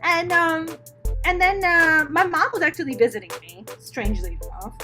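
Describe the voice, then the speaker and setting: A middle-aged woman, a stand-up comedian, telling her life story as a podcast guest in a candid, profane, animated way. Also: very high voice, moderate pace, faint music behind. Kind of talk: casual interview storytelling.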